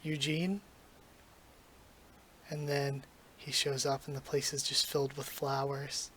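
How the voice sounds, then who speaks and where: A man reacting to a manga as he reads it through, excited and gushing, emotional and near tears, tripping over his words. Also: mid-range voice, normal speed, a little hiss or hum.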